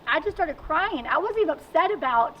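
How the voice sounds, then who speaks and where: A woman's voice: extremely high pitch, fairly quick. Chatty woman racer, distant outdoor mic. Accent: Virginian. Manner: chatty, animated storytelling. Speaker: guest, amateur racer. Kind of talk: casual interview chat. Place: outdoors at a car show. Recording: distant mic, dull sound, faint noise.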